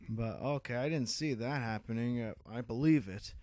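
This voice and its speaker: A relaxed young man with a mid-range voice, co-hosting a casual podcast. He mostly agrees with his partner and swears now and then. The recording is dry and close. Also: medium pitch, normal speed, dry recording. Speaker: podcast co-host. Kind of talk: casual chat.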